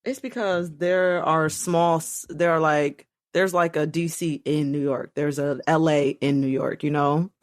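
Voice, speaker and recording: Animated woman co-hosting a chatty podcast. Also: sits low, measured pace, hardly any pauses. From Los Angeles. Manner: animated, swearing, laughing often. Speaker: podcast co-host. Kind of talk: casual chat.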